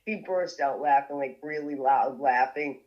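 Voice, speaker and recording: A woman telling a story as a podcast guest, lively and laughing often as she goes. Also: rumbling low, a little slow, muffled recording.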